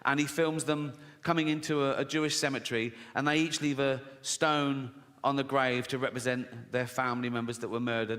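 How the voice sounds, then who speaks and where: A man performing live stand-up comedy, swearing freely and often laughing at his own jokes. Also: mid-range voice. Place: large live venue with audience. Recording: loud audience in echoing venue.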